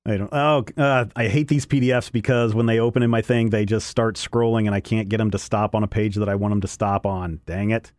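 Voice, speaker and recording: A man's voice: fairly low pitch, fairly even intonation, a little fast, hardly any pauses, a little mellow, no echo, clean studio sound. A man co-hosting a casual comic review chat, rambling with frequent restarts and self-corrections. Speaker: podcast co-host reviewing comics.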